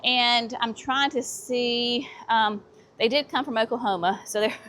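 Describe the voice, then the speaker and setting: A woman's voice: on the high side, a little slow, fairly bright tone, a little hiss or hum. A woman hosting a casual walk-through of plants at a garden center, chatty and enthusiastic. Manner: chatty and enthusiastic, says y'all often.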